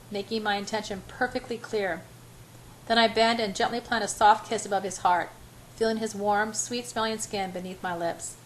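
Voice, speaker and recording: A woman's voice: mid-range voice, a little hiss or hum, low-quality recording. A woman reading a first-person romance novel aloud in a breathless, emotional way. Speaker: audiobook reader.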